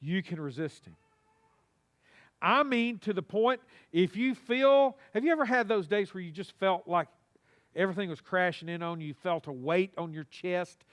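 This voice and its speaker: A man preaching a sermon, animated and folksy, calling on the congregation to answer him. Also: high-pitched, moderate pace. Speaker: pastor. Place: church sanctuary.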